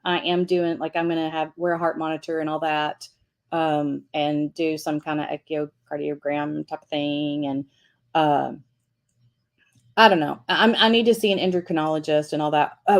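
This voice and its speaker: A woman's voice: fairly low pitch, a little mellow. A middle-aged woman hosting a devotional livestream, telling a story to her viewers in a chatty, rambling way with frequent laughs. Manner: chatty and rambling, many restarts and fillers; upbeat, laughs often. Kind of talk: casual storytelling chat to viewers.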